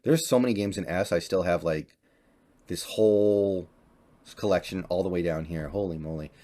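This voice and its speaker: Young male gaming host, lower register, relaxed off-the-cuff chat. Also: normal speed. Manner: chatty, offhand, thinking aloud. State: slight cough and voice crack. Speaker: gaming YouTuber. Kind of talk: casual tier-list commentary.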